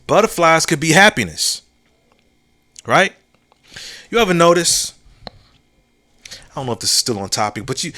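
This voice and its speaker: A man hosts his own podcast in a casual, reflective solo monologue, his fairly high voice carrying a sharp tone. His phrasing is laid-back and drawn out, full of slang, restarts and repeated key phrases, and he often asks "you know what I'm saying?".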